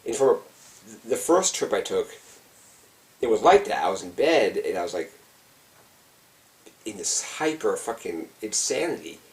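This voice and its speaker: A man with a fairly low voice tells a personal story in an intense, heavily profane way, acting out his own frantic thoughts as he goes. He sounds set back from the microphone. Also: sing-song, measured pace, long pauses, distant mic, poor audio. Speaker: vlogger. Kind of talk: casual first-person storytelling.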